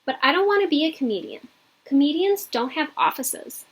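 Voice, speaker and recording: A woman's voice: high-pitched, big pitch swings, normal speed, voice pushed up. A woman reading aloud as an earnest young schoolgirl who insists on being treated like a grown-up. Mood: insistent.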